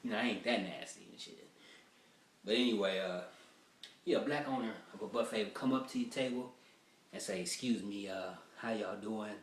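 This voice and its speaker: A man working through rough stand-up material in a loose, rambling way, acting out the people he talks about. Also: on the low side, fairly quick, long pauses, roomy sound, distant mic. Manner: loose, rambling, acts out quoted voices. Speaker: stand-up comedian. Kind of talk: rough-draft stand-up rehearsal.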